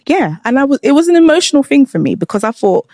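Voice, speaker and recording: A woman's voice: sits high, fast, no echo, studio quality. A young British woman casually telling a story on a podcast, acting out what people said to her. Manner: animated storyteller, acts out quoted dialogue. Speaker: podcast guest, former bride.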